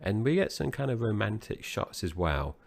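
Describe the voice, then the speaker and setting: A man co-hosting a film review podcast, recapping the plot in a relaxed, loose conversational way. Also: fairly low pitch, normal speed, creaky. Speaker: podcast co-host. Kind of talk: casual movie review chat.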